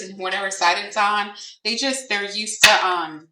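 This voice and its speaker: Woman card reader, bright tone, thinks aloud, heard from a distance in an echoey room with faint noise. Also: medium pitch, steady tone, normal speed. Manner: musing and hesitant, asking Spirit aloud, many fillers. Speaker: tarot and oracle card reader. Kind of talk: casual spoken card reading.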